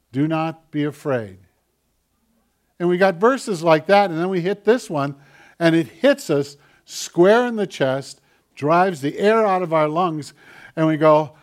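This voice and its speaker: A man preaching a sermon as pastor, shifting between quiet, heavy emphasis and louder urgent passages, with rhetorical questions to the listeners. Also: medium pitch.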